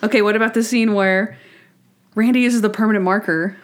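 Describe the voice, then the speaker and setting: Chatty woman recapping an episode. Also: medium pitch. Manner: animated, acts out characters' lines in quick impressions. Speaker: podcast co-host. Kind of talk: casual chat recapping a TV episode.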